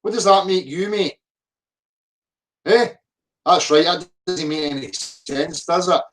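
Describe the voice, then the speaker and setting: A man's voice: high voice, a little slow, slight background noise. A middle-aged man, ranting profanely at viewer comments, abrasive and mocking. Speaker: flat earth video commentator. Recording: voice a bit distant from the mic.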